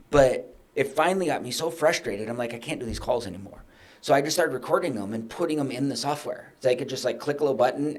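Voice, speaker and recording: A middle-aged man telling candid business stories as a podcast guest, acting out his own past conversations with lively emphasis. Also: medium pitch. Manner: animated, acts out his own past dialogue.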